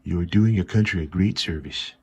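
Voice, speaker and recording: Guy doing a tired old-ish commander, low and super breathy, slow. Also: a little mellow. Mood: grave. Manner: husky, sighing, grave.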